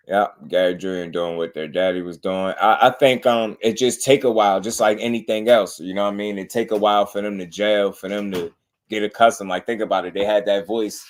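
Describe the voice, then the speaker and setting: A man's voice: lowish voice, steady tone, fairly quick. Laid-back man breaking down boxing. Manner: laid-back, repeats "you know what I mean". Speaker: boxing show host. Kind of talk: casual commentary on clips.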